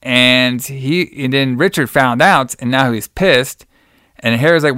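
Male podcast host, smooth clear voice, dry close sound, loose chatty plot recap. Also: mid-range voice, unhurried, bright, forceful tone, no room sound. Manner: loose retelling, acts out quotes in plain voice, calls cohost brother. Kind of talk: casual movie recap chat.

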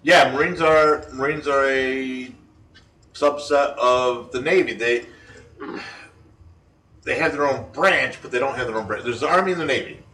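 A man's voice: medium pitch, moderate pace, bright, forceful tone, roomy sound, distant mic, rough recording. A man co-hosting a casual chat, rambling with frequent ums and restarts. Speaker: podcast co-host.

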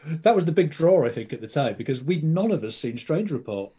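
A man's voice: on the high side, very animated, brisk, warm tone, slightly rough. A man chatting as a podcast guest, enthusiastic and rambling with plenty of fillers. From Britain. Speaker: podcast guest, film collector. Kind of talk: casual chat.

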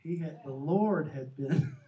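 A man's voice: a little high, measured pace, a little hiss or hum. Male co-host, earnest faith storyteller, echoey distant recording. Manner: earnest, animated storyteller who acts out quotes. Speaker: co-host of a Christian talk show. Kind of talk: casual faith talk, storytelling. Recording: echoey room, distant from the mic.

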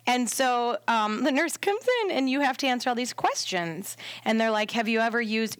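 A woman with a fairly high voice tells a story to podcast hosts. She talks casually and with a lot of energy, acting out the lines of the people in it. The close studio mic sounds dry. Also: moderate pace, few pauses, smooth, no echo. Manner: animated, acts out quotes with laughs. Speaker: doula, podcast guest.

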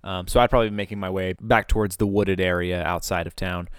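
A man playing a tabletop game, relaxed and hesitant as he describes his character. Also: low-pitched, fast, clean tone, dry recording, studio quality. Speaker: player.

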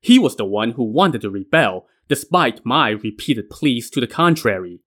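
A man's voice: medium pitch, sing-song, moderate pace, a bit bright. A man voicing a loyal general who pleads and argues urgently, in a told story. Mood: pleading. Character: loyal, pleading male general, a sworn brother.

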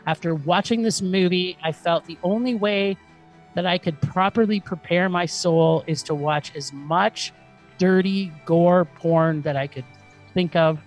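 A woman's voice: lowish voice, unhurried, soft background music. A woman co-hosting a podcast, giving a profane and dramatic film review rant. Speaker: podcast co-host.

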